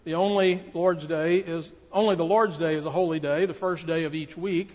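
A man preaching a sermon from the pulpit, speaking earnestly with measured, emphatic delivery. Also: fairly high pitch, fairly even intonation, darkish tone. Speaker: pastor. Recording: dull audio with long church reverb.

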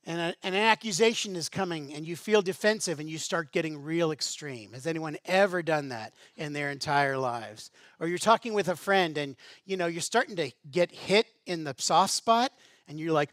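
A man preaching a sermon in a relaxed, conversational manner. He keeps drawing listeners in with rhetorical questions. His voice sits a little high for a man, and the recording is dry and close. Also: normal speed, no echo. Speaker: pastor.

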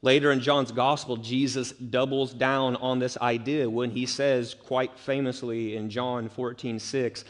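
A man's voice: mid-range voice, little pitch movement, a little slow, few pauses. A male pastor preaching an expository sermon, stressing key words by repeating them. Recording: long reverb of a large hall.

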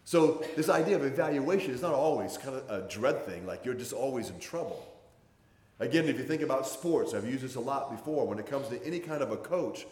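A pastor in his sixties tells stories in a folksy, plainspoken sermon, his mid-range voice expressive, fairly quick, and a little mellow. He hedges often with fillers, and the recording has a roomy feel with long hall reverb.

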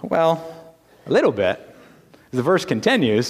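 A man preaching a sermon as pastor to his congregation. He asks rhetorical questions and swings between hushed, whispered lines and loud, emphatic ones. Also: medium pitch, animated, slow. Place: church sanctuary. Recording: long hall reverb.

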